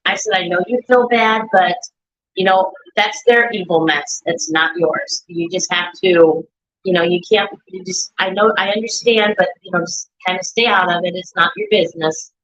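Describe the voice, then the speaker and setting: A woman's voice: fairly low pitch, fairly even intonation, moderate pace, a bit bright. A woman, a mother, talking in a rambling casual chat, often quoting her son and herself. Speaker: grieving mother and guest. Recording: dull lo-fi stream audio.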